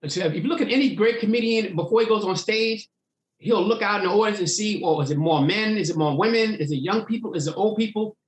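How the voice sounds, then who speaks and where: A man's voice: sits high, fast talker, echoey room. A man, a stand-up comedian, telling stories from his career in an interview, acting out the voices of people in them. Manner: animated storyteller acting out voices. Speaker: comedian guest. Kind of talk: storytelling interview.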